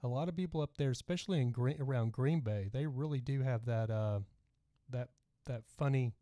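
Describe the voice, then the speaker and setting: A man's voice: mid-range voice, fairly quick, warm tone, dry recording, studio quality. A middle-aged man with a light Texas twang, hosting a casual livestream podcast and rambling as he reads out viewer comments. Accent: Texan. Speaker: podcast host.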